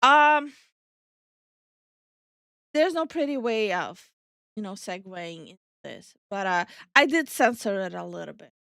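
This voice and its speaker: A woman's voice: medium pitch, expressive, measured pace, vocal fry, long pauses, fairly bright tone, smooth, no room sound, clean studio sound. A woman from Estonia co-hosting a casual stream chat, talking bluntly and swearing freely. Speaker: VTuber streamer and co-host.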